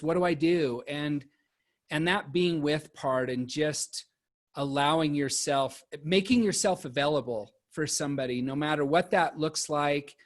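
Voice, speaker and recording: Halting, higher-voiced male moderator. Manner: halting, often restarts and repeats words. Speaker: panel moderator. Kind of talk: virtual panel discussion. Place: home, on a video call.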